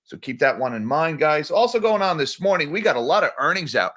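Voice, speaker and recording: Very animated and brisk, with a voice on the high side and a bit bright, this market news host runs a morning livestream, chatting conversationally and directly with viewers he addresses as "guys."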